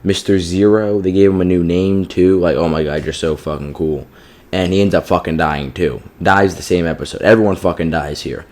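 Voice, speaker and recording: Deep-voiced man ranting casually. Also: steady tone, normal speed, a little mellow. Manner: profane and exasperated, heavy use of "like" and "you know what I mean". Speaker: TV show reviewer.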